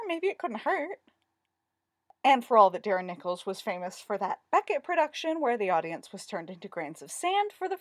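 A woman reads a story aloud with expressive, wry narration. Her voice is fairly high and moves a great deal in pitch. It is recorded close and dry. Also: no room sound. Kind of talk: audiobook-style story reading.

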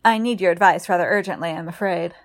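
A woman voicing a shy, earnest young gentleman magician in a read-aloud story, talking politely and hesitantly. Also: lowish voice, fast talker, close to an everyday voice. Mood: anxious.

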